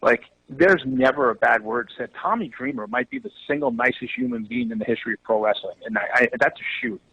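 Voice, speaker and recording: Animated man telling backstage stories. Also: mid-range voice, a little fast, gravelly, slightly rough, no room sound, poor audio. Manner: animated storyteller, swears freely. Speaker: wrestling promoter guest. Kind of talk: storytelling in casual podcast chat.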